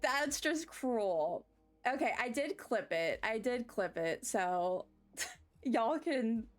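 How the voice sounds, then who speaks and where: A woman streaming a game, chatting casually with her viewers and getting excited over her wins. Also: fairly high pitch, slow pace, faint music behind. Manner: chatty and excitable, squealing with delight. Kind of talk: casual live-stream chat while gaming.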